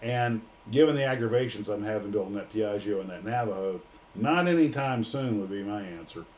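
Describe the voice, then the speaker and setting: A man's voice: fairly low pitch, lively intonation, brisk, a little mellow. An American man hosting a casual livestream, joking and rambling with plenty of fillers. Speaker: livestream host.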